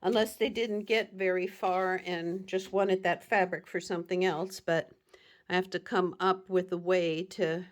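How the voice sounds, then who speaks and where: A middle-aged woman talks slowly and unhurriedly, her voice sitting a little low. She rambles gently through a casual show-and-tell, dotting it with soft laughs and fillers. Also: little pitch movement. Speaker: cross-stitch shop owner and vlog host.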